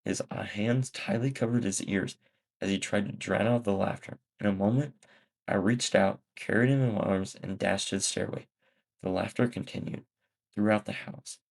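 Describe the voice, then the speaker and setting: A man reads a first-person story aloud in a plain, steady way, stumbling now and then. His voice sits low and has a gravelly edge. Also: normal speed, low-quality recording. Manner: plain first-person reading with small slips. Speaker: story narrator.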